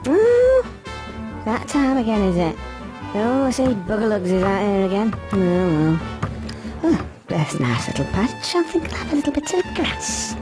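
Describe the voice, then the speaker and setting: A woman's voice: medium pitch, very animated, normal speed, lightly acted. A woman playing a prim fussy cow. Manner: genteel, prissy, fretful. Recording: game audio with music behind.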